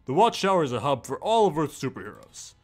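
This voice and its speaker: A man's voice: fairly high pitch, very animated, fast, soft background music. A man voicing an earnest, friendly male cyborg superhero as he reads game dialogue aloud, stumbling over a few words.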